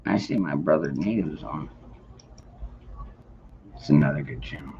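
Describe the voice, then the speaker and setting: A man with a low, gravelly voice talks slowly and easily through a casual late-night livestream, chatting and greeting viewers by name. The sound is dull and lo-fi, like a home streaming mic. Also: a little mellow, a little hiss or hum. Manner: rambling and laid-back, greeting chat viewers by name. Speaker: livestream host.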